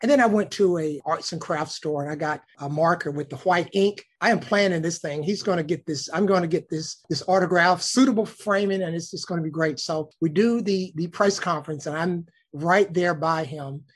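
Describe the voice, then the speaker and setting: Husky man telling a story. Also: fairly high pitch, fairly quick, few pauses. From Alabama, United States. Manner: animated storyteller, acts out quoted voices. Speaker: news cameraman. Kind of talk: storytelling in a casual interview.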